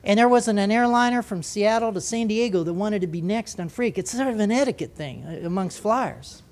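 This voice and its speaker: A man, a former pilot, telling a humorous story with lively, animated delivery. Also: high-pitched, a little fast. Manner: lively, animated, comic timing.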